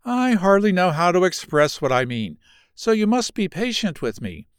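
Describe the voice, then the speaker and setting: A man's voice: high voice, very animated, moderate pace, clear, resonant tone, no room sound, studio quality. A man reading the part of a shy, earnest young boxer who speaks hesitantly.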